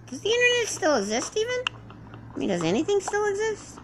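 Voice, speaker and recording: A woman's voice: very high voice, very animated, a little fast, background noise. A woman doing in-character survival roleplay commentary while playing, rambling to herself and chatting to the animals around her. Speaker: game roleplayer.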